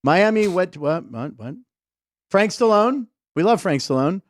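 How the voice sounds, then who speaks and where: A fairly high-voiced man runs a sports comedy talk show, full of quick jokes and rambling asides. His voice sounds close and dry. He speaks from a studio desk. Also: expressive, dry recording. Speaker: host. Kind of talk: casual sports comedy podcast banter.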